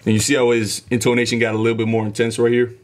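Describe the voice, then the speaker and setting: A man talks casually through a music reaction, eager about rap delivery. His voice stays in a middle register and barely moves in pitch. He breaks the song down as he goes. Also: monotone, very fast. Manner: enthusiastic, analytical about rap flow. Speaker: reaction video host.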